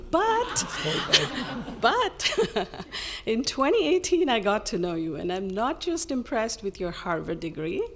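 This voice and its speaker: Woman giving a laughing public tribute. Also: medium pitch. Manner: laughing, warm praise. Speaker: public commenter. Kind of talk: public comment speech. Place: community hall.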